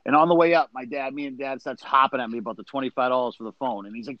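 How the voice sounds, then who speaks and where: A man's voice: medium pitch, racing, dry recording, lo-fi sound. A man telling wild stories in a casual, profane chat among brothers. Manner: profane, animated storyteller. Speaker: podcast co-host.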